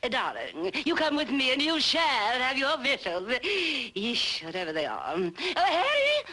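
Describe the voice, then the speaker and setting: A woman's voice: high-pitched, wildly swooping pitch, unhurried, pushed and bright, heavily acted. A woman doing a gushing, theatrical stage diva. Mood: grandiose. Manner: theatrical, affected, calls everyone darling. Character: grand theatrical stage actress, gushing and vain.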